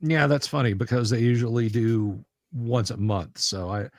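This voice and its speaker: A man's voice: medium pitch, moderate pace, no room sound. Stammering male game master, dry sound. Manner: stammering repeats, casual and friendly. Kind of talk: narrating a tabletop game livestream.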